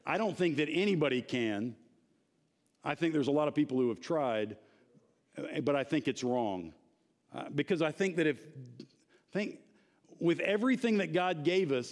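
A man's voice: fairly high pitch, a little mellow. Emphatic man teaching a church Bible class. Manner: conversational, emphatic, asks the class questions.

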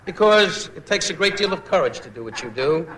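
A man doing an insult comedy roast with needling, mock-insulting jabs and sudden loud asides, recorded as an archival clip in a large banquet hall. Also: a little high, very animated, brisk, background noise. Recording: archival clip with roomy echo, loud laughter.

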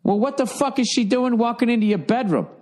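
A middle-aged man hosting a comedy advice podcast, reading listener letters and riffing loudly with profanity. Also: extremely high pitch, a little fast. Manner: loud, profane, animated riffing with mocking put-on voices. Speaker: podcast host giving advice.

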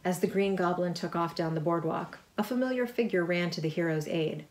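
A middle-aged woman with a fairly low voice reads her picture book aloud to children. She is lively and chatty, breaking off to point out the pictures. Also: fairly quick, slight background noise. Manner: lively reading, chatty asides about the pictures. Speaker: author reading her book. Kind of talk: storybook read-aloud.

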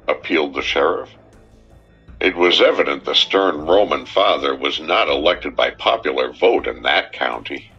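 Deep, husky-voiced man narrating slowly. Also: sharp tone, muffled recording, soft background music. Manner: measured, dramatic storytelling. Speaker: audiobook narrator. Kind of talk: scripted narration.

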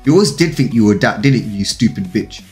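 A man voicing a cold, vengeful young man who mocks his victims with quiet menace, in a fan-fiction story reading. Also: lowish voice, lively intonation, quick pace, faint music behind, close to an everyday voice.

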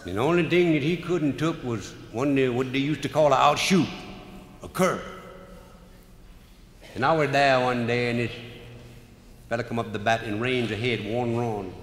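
A man's voice: medium pitch, normal speed, pauses often. A man with a Cajun accent telling comic stories live in a folksy drawl. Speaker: humorous storyteller. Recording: roomy live hall recording, faint noise.

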